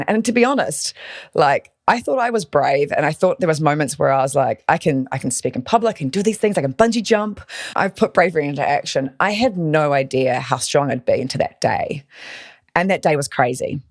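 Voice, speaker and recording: A woman from New Zealand, a podcast guest, telling a personal story in an animated, emotional way. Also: low voice, fairly quick, no room sound, clean studio sound. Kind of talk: storytelling in interview.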